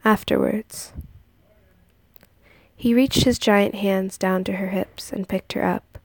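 A woman narrating a story in a soft, hushed, partly whispered reading. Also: medium pitch, fairly even intonation, measured pace, dry recording.

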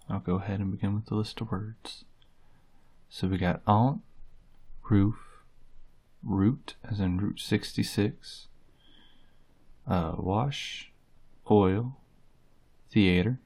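A man doing a casual tag video, reading words off a list in an unhurried way with frequent "uh" fillers. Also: on the low side, darkish tone. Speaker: vlogger.

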